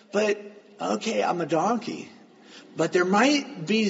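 A male pastor preaching a sermon in a church sanctuary, his gravelly voice set a little high. He tells stories with lively swings of pitch, dropping to quiet asides and then pressing hard on his points. The sound is dull and lo-fi, with a long hall reverb behind him. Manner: storytelling, shifting between quiet asides and loud emphatic lines.

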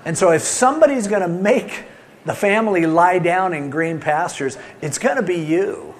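A middle-aged man preaching a sermon, swinging between loud emphasis and soft, soothing asides. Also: high voice, normal speed. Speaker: pastor.

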